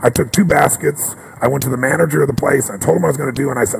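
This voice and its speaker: A man, a motivational speaker, telling a personal story in an emphatic, animated way and often checking in with his listeners. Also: mid-range voice, racing, gravelly, heavy background noise.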